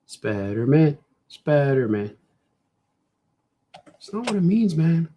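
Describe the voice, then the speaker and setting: A man's voice: a little high, sing-song, unhurried, mellow, a little hiss or hum. A man, a cartoonist, chatting casually while he draws, rambling playfully and joking to himself. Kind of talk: casual chat while drawing.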